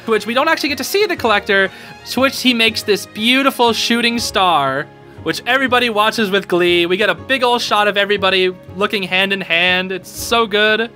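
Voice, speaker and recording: A man giving a casual, excited reaction to a show's episode, full of slang and calling the listener dude and bro, and a bit emotional about it. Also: sits high, a little fast, faint music behind. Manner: emotional, a little teary. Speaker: YouTube show reviewer.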